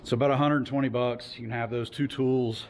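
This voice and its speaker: A man's voice: mid-range voice, fairly even intonation, a little fast. A man in a casual workshop how-to video, talking loosely with plenty of fillers while he wrenches on an engine in a garage. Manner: loose and chatty, lots of fillers. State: out of breath from heavy wrenching. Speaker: car hobbyist showing an engine install.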